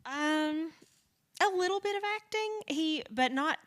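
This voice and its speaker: A Southern U.S. woman who co-created a podcast appears as an interview guest, chatting in a rambling way with frequent restarts and light laughter. Her voice sits high and a bit bright, with lively intonation and a measured pace. It's a casual conversational interview.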